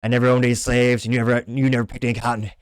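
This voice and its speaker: A man doing a gruff old cowboy tough guy. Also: medium pitch, level tone, rapid-fire, no room sound, natural voice. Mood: menacing.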